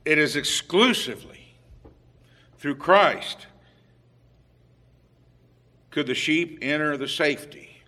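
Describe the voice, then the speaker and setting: A man preaching a sermon, unhurried with occasional fillers, growing emphatic and louder on key points. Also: on the high side. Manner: emphatic, rising in volume on scripture quotes.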